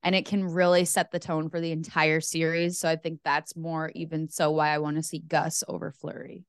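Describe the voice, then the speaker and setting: A woman's voice: deep voice, little pitch movement, normal speed, smooth, no room sound, clean studio sound. A woman co-hosting a podcast, talking sports in an easygoing, agreeable, analytical way. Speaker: podcast co-host. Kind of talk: casual sports chat.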